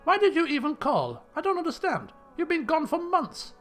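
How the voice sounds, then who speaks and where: A fragile woman trembles on a phone line, close to tears, as a man puts her on. The voice rides high and swings widely in pitch. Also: sing-song, normal speed, pushed and bright, faint music behind, exaggerated voice. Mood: tearful.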